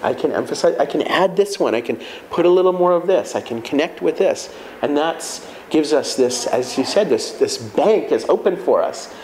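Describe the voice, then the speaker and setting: On a poor recording with a bit of background noise, a guest with a fairly high voice speaks at an ordinary pace. He's in a reflective, storytelling mood, recounting personal experiences and feelings and lively quoting what he once said.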